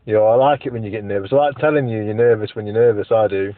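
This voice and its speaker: A man's voice: on the low side, fairly even intonation, fast talker. A man co-hosting a podcast over a phone call, teasing his friend in a dry, casual way. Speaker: podcast co-host. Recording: tinny phone line, dry.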